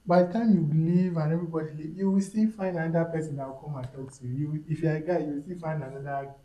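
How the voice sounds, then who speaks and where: A man's voice: a little high, fairly even intonation, quick pace, dull audio. A man with a Nigerian accent, a guest on a casual podcast discussion, talking emphatically, repeating himself and slipping into pidgin phrases. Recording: roomy echo.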